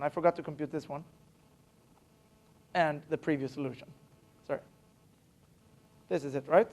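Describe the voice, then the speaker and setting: A university math lecturer giving a live classroom lecture, talking casually with many fillers and restarts and stressing the key points. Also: medium pitch. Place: lecture hall.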